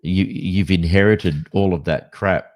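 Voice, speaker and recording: This deep-voiced Australian man, a podcast co-host from Western Australia, talks at a measured pace in casual chat. He's an animated, rambling storyteller whose tales are full of restarts.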